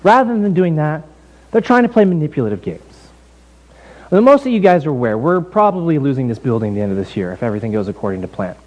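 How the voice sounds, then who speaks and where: A man preaching a sermon as pastor in a relaxed, conversational way, telling the story with lively asides. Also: fairly high pitch, fast talker, poor audio. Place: church building.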